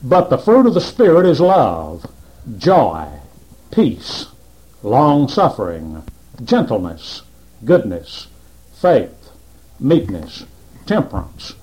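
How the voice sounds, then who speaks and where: A male preacher giving a conversational sermon, asking rhetorical questions and pausing to work through scripture. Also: medium pitch, huge pitch swings, darkish tone, low-quality recording.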